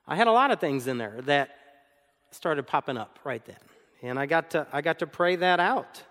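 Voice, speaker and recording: A man preaching a sermon as co-pastor, animated, acting out arguments and laughing often. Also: fairly high pitch, normal speed, in a large hall.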